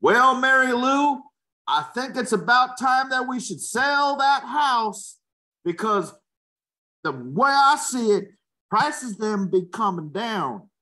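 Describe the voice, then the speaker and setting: A man's voice: very high voice, animated, slow pace, pushed and bright, pitched above the performer's own voice, heavily acted. A man putting on an exaggerated folksy rural accent to voice a homespun man giving advice to a neighbor. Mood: knowing.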